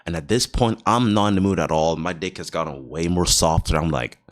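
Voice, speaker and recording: A man's voice: low voice, a little fast. A young man vlogging a casual storytime, slangy and profane, laughing often and sometimes dropping to a near-whisper.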